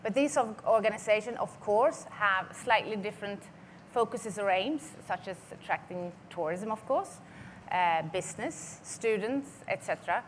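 A woman's voice: medium pitch, a little hiss or hum. Brief: woman, conference speaker, methodical delivery, mid-range voice. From Sweden. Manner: measured, enumerating points from a script. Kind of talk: conference presentation. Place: conference hall.

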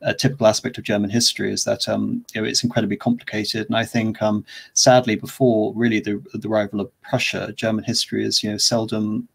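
An English man from the West Country with a standard English accent, hosting a livestream and speaking in a measured, formal way with many ums. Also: on the low side, flat delivery, creaky, slightly rough. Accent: standard English, not West Country. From West Country of England. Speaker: host. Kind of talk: livestream chat and sign-off.

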